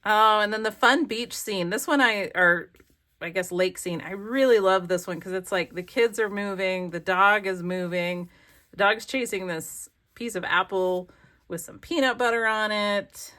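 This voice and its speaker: A woman's voice: mid-range voice, a little slow, pushed and bright. A woman craft vlogger chatting casually as she flips through her pages, rambling and gushing over favorites. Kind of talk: casual flip-through commentary. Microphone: desk camera.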